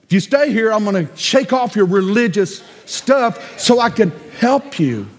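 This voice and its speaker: A man preaching a sermon as a pastor, emphatic and repetitive, with sudden loud cries. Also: high-pitched, lively intonation, a little slow, long reverb tail.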